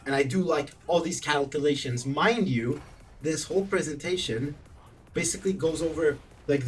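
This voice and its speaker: Animated young man telling a story. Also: on the high side. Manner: animated, profane, rambling with self-corrections. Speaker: vlogger. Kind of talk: casual storytelling vlog. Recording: distant mic, faint background music.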